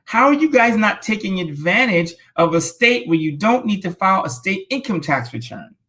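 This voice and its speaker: Animated, laughing man from California. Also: moderate pace. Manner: animated, laughing, enthusiastic pitching. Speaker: guest financial commentator. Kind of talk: casual talk show chat.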